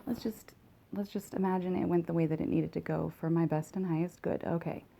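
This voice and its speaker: A woman's voice: lowish voice, fairly even intonation, a little fast, vocal fry, dark tone, poor audio. A woman in her late thirties talking in a rambling, candid, profane confessional vlog, recorded on a phone. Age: late 30s.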